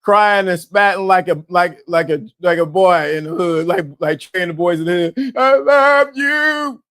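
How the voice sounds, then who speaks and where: A man hosting a live-stream talk show, animated and laughing, repeating himself and talking to the chat. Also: high voice, moderate pace. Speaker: host.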